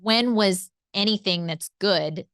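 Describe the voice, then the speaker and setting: A woman co-hosting an interview show, talking in a relaxed, chatty way. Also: mid-range voice, slow, no echo, clean studio sound. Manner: relaxed, chatty, with conversational fillers. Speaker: co-host. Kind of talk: casual interview chat.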